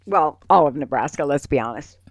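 Woman, radio co-host, playful joke teller, lively melodic voice, dry close sound. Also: deep voice, brisk, dry recording. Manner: playful, laughs easily. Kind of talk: casual chat and joke telling.

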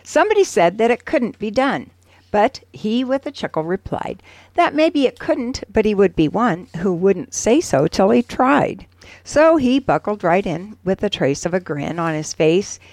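A woman's voice: medium pitch, measured pace, no room sound. A woman co-hosting a casual radio show, reading an ad and reciting a poem expressively. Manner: expressive, sing-song reading. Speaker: radio co-host.

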